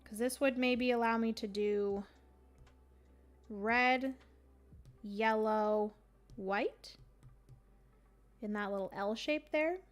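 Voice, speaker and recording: A woman's voice: on the high side, slow pace, long pauses, faint music behind. A young woman hosting a livestream, thinking aloud as she plays a board game and chatting casually with her viewers. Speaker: livestream host playing a solo board game.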